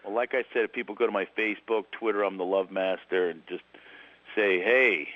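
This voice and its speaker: A middle-aged man with a Philadelphia accent, a guest comedian telling stories in a casual phone interview, with animated, jumping delivery. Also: fairly low pitch, fairly quick, dull audio. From Philadelphia, USA. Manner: animated storyteller, lively voice jumps.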